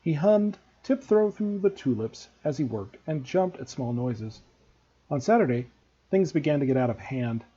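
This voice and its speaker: A man, a teacher, reading a novel aloud to students in a steady, expressive way. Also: medium pitch, moderate pace, husky, muffled recording.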